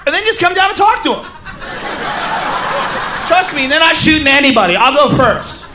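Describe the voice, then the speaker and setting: A man doing a loud, profane stand-up comedy set, often shouting and laughing. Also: very high-pitched, sing-song, normal speed. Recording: live club recording with crowd noise. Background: audience noise.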